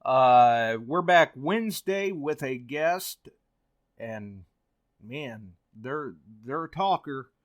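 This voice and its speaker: Lively chatty male host. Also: mid-range voice, drawn-out words, highs cut off. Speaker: podcast host. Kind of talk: casual chat.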